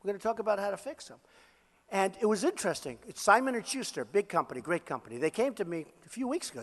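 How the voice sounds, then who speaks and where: An older man holds forth at a campaign rally, boasting and repeating his lines in an off-the-cuff way. His voice sits high for a man, and a long hall reverb trails each phrase. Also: very animated, fast. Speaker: political candidate at a rally. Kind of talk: rally speech.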